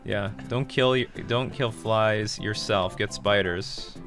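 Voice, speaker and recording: A man's voice: fairly low pitch, slow, over music. A man with a Canadian accent, chatting casually while streaming a card game, laughing often and swearing now and then. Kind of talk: casual gameplay commentary.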